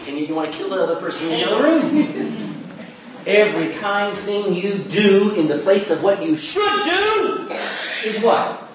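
Animated preacher in an echoey church. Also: male voice, high-pitched, crowd noise. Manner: animated, mimics people in quick asides. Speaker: pastor. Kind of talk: sermon. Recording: echoey church hall, distant mic.

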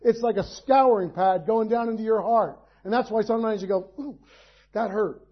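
A man's voice: high voice, fairly quick, dull audio. A male pastor preaching a sermon, in a conversational style with folksy asides and rhetorical questions.

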